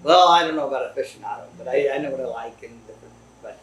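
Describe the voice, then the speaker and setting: A man's voice: medium pitch, racing, crowd noise. A man talking as a distiller guest in a casual chat, easygoing and agreeable, recorded at a distillery. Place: distillery room. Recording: roomy, distant mic.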